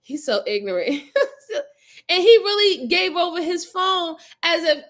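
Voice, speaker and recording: A woman's voice: very high-pitched, very animated, a little slow, a bit bright. A woman hosting a crime reaction show, talking casually to her chat in a blunt, exasperated way, cursing and laughing often. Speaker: host reacting to crime videos.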